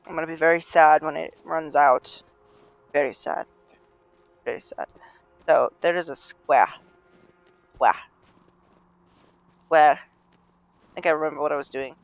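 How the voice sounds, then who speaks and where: A man's voice: fairly high pitch, measured pace, pauses often, smooth, dry recording, lo-fi sound. A man streaming a game live, rambling and talking to himself as he plays. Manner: rambling, self-talking, full of restarts. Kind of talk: rambling live gameplay chat.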